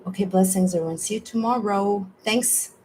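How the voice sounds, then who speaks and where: A woman's voice: mid-range voice, moderate pace, a little mellow, a little hiss or hum, rough recording. A woman host chatting in a rambling, casual way at the end of a livestream, with a spiritual bent. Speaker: host and journalist.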